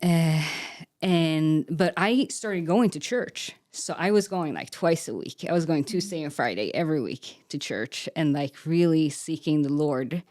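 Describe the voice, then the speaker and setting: Young adult woman, podcast guest. Low voice, dry and close. Earnest, unguarded testimony with lots of "like" fillers. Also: expressive, unhurried, a little mellow, no echo. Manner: earnest and candid, with frequent "like" fillers. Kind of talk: personal faith testimony.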